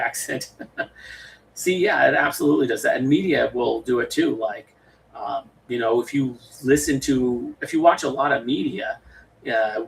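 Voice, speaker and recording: American male streamer, gravelly, rambling casual chat, a bit off-mic with faint room hiss. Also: medium pitch, fairly bright tone, distant mic, poor audio. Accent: General American. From western United States. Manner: rambling, many fillers and restarts. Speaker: livestream host.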